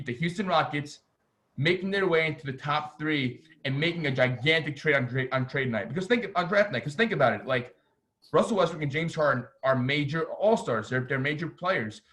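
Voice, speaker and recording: A man hosting a casual sports podcast, talking in an excitable, rambling, self-deprecating way. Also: on the high side. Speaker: podcast host.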